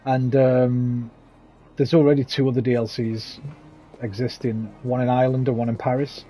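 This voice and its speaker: A man's voice: mid-range voice, level tone, normal speed, warm tone, soft background music. A man streaming a video game, chatting casually with viewers, greeting them by name and swearing freely. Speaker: gaming streamer. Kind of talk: casual live-stream chat while playing.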